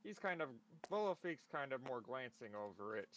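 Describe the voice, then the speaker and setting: A man's voice: mid-range voice, sing-song, moderate pace, fairly bright tone, no echo, rough recording. A man playing a tabletop game, narrating his character in a rambling, self-interrupting way. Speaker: player. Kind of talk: casual tabletop play.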